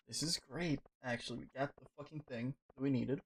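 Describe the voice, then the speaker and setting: A man's voice: medium pitch, fairly quick, slightly rough. A man giving casual, profane running commentary while playing a game, swearing at things on screen. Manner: profane, excitable, talks to the game. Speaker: gaming streamer.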